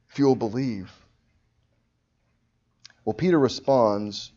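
A man's voice: on the low side, moderate pace. Impassioned male preacher, muffled recording. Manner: impassioned preaching with sudden loud swells. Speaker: pastor. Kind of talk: sermon.

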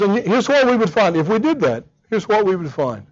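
High-voiced earnest male preacher. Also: very animated, normal speed, lo-fi sound. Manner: earnest, emphatic, with frequent repetitions. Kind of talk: sermon.

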